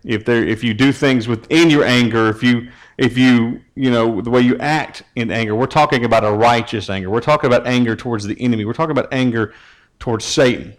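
Over poor audio, a youth pastor delivers a conversational, casual sermon in a medium-pitched voice, speaking a little fast. He tends to repeat words at the start of his phrases.

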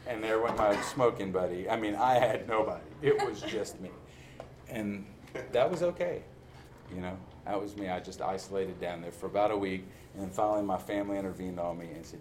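A man's voice: fairly low pitch, brisk, darkish tone, a little hiss or hum. A man sharing his recovery story in a candid testimony, telling it with self-mocking humor and frequent laughter. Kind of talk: personal testimony talk.

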